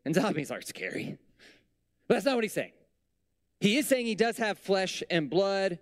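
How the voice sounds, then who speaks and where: A young adult man preaching a conversational sermon with humorous asides and lively swings in pitch. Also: normal speed. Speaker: pastor. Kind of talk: casual sermon.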